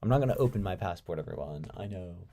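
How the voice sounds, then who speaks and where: A man's voice: deep voice, animated, quick pace, gravelly, dark tone. A young man with an American accent, hosting a casual live stream and answering viewer comments with dry sarcasm. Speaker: live-stream debate host.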